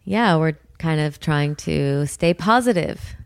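A woman co-hosting a podcast, chatting casually in a relaxed way. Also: deep voice, slow pace, vocal fry, clean tone, no echo. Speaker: podcast co-host. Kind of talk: casual chat.

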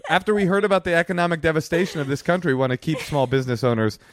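A man's voice: a little high, rapid-fire, dry recording, clean studio sound. A man co-hosting a podcast, chatting casually and joking with friends. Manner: joking, animated storytelling. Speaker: podcast co-host. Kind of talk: casual chat.

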